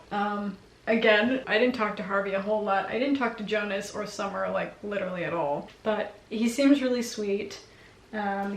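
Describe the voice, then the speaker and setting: A young woman vlogger chatting casually and giggling, full of fillers. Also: medium pitch. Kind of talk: casual chat. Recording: echoey room.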